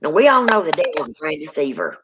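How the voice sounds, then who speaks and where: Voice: mid-range voice, very animated, quick pace, noisy background. A speaker, telling a true ghost story in casual spoken style and acting out the people in it. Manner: dramatic, acts out quoted people. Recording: dull lo-fi sound.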